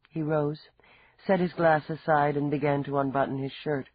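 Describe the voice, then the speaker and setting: A man reading an audiobook in scripted narration with an even, measured manner. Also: on the high side, no echo, highs cut off.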